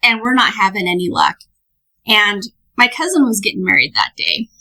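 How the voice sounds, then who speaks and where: Bright, husky-voiced woman telling a story. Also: medium pitch, normal speed, poor audio. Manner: lively, laughing, animated storyteller. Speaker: podcast guest. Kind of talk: casual storytelling.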